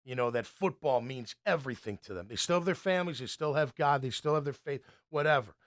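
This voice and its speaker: A man who played pro football, now hosting a casual sports talk show and telling stories animatedly, sometimes dropping to a low mutter. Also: quick pace. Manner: animated storyteller, acts out coaches' yelling. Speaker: former NFL player turned sports talk host.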